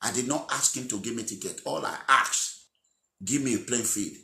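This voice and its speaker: A man's voice: mid-range voice, normal speed, gravelly, bright, forceful tone, reverberant. A man, an aggrieved politician giving an emphatic speech. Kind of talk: recorded speech.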